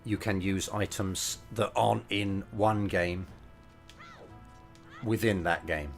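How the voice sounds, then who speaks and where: A man's voice: fairly low pitch, steady tone, takes it slowly, creaky, faint music behind. A British man giving casual, opinionated commentary while streaming a game. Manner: chatty, opinionated, rambling asides.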